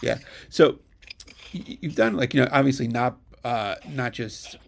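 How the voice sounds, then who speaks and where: Gravelly-voiced male interviewer. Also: medium pitch. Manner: halting, full of fillers and agreeing yeahs. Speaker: podcast interviewer. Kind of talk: casual interview chat.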